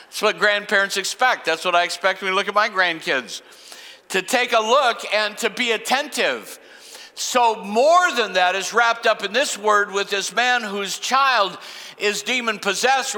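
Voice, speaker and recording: An older male pastor preaching with a high, bright voice that carries through a long hall reverb. He slows down and pauses for emphasis, and his delivery is earnest. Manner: dramatic pauses and slowed emphasis. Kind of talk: sermon.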